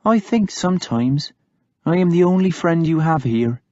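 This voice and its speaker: A man's voice: a little high, animated, normal speed, darkish tone, no echo, voice pushed up, natural voice. A tart, devout young woman with a lifted, lilting voice, as a male reader puts her on. She speaks in a reproving, earnest way, set against a dry, dull lo-fi audiobook recording. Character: stern pious young woman, tart and caring.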